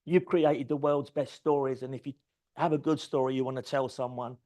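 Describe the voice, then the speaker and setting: A middle-aged man giving a keynote talk, telling lively anecdotes, swearing freely and acting out quoted conversations. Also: medium pitch, brisk. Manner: animated anecdotal storytelling, swears freely, acts out quoted dialogue. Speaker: conference speaker. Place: event stage.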